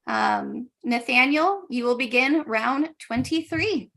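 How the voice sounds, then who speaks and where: Bright, gravelly-edged woman moderating. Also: high voice, animated. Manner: brisk, matter-of-fact rulings. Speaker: spelling bee moderator. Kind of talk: running a live online contest.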